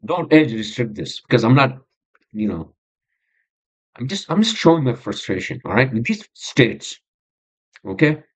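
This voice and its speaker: A man's voice: medium pitch, very animated, moderate pace, pauses often, husky. A man hosting his own podcast, venting in a rambling, agitated monologue full of swearing and fillers. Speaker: podcast host. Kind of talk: frustrated monologue. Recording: dull lo-fi sound.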